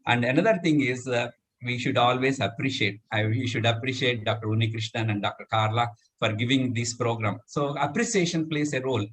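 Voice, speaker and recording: Middle-aged male instructor leading a laughter yoga session with loud "very good" cheers and laughs. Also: medium pitch, expressive, normal speed, a little hiss or hum. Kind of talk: live demonstration talk.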